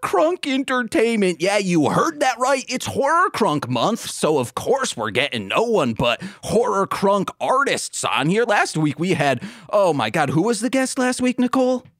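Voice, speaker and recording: A man hosting a raunchy comedy podcast. His voice leaps up and down in pitch as he rambles goofily, and the recording is close and dry. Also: sing-song, unhurried, hardly any pauses, fairly bright tone, no echo. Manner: rambling, goofy, swings wildly in pitch. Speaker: podcast host. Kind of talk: crude comedic podcast banter.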